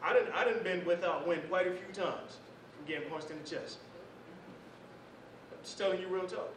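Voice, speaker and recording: Guy giving a loose slangy talk to a class, kinda high voice, noisy far-off recording. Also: moderate pace, a bit bright. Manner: loose conversational talk with street slang and scripture quotes. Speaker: civic class speaker. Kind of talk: informal lecture to a small class. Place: indoor meeting room. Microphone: distant camera mic. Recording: echoey room, far from the mic, noisy.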